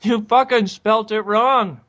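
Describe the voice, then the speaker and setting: A man's voice: high voice, steady tone, slow pace, a bit bright, highs cut off. A man with a Boston accent talking on a casual podcast, blunt and crude. He mocks his friend by mimicking his pronunciation, swearing as he goes. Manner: mocking, crude, mimics the other's speech.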